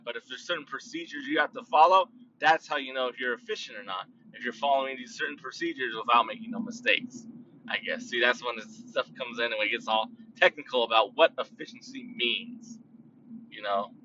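A man hosting his own podcast, musing aloud in a loose, rambling monologue full of fillers, restarts and long drawn-out words. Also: mid-range voice, bright, forceful tone, recorded from a distance, highs cut off, a little hiss or hum. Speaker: podcast host.

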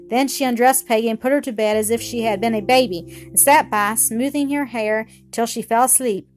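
A woman reading a storybook aloud, gentle and expressive, softening her voice for the characters. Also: a little high. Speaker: narrator. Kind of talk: storybook narration.

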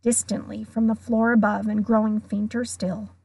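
Woman reading a kids book out loud, slow and kinda breathy, dry close mic. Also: medium pitch, no room sound. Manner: slow, expressive. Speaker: guest reader. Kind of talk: storybook reading aloud.

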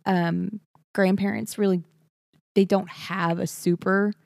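A woman from Texas in casual conversation, talking fast with lots of fillers. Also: medium pitch, level tone, gravelly, a little mellow, no room sound, studio quality. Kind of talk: casual chat.

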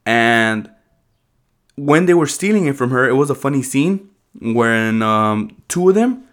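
A man's voice: mid-range voice, expressive, measured pace, fairly bright tone. A man on a podcast telling a long story in casual chat, rambling and slangy with lots of fillers.

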